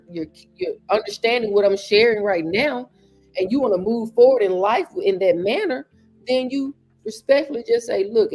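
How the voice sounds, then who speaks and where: A woman's voice: medium pitch, dark tone. Earnest woman podcast host, repeating for emphasis. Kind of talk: motivational talk.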